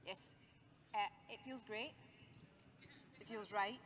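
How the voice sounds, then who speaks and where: A woman's voice: mid-range voice, unhurried, fairly bright tone, soft background music. A woman, a guest actress at a convention panel, answering fans in a giggly, teasing way. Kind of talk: convention Q&A chat. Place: convention center panel stage. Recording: noisy convention hall mic.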